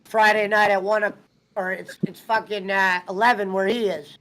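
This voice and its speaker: A man's voice: sits high, level tone, moderate pace, bright, forceful tone, low-quality recording. A man hosting a live stream, chatting casually and telling rambling, profane stories. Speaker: streamer host. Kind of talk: casual chat.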